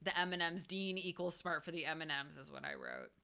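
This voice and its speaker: Young woman, podcast co-host, bright tense tone, lowish pitch, playful and giggly. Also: huge pitch swings, vocal fry. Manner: playful, giggly, quick to agree. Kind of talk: casual chat.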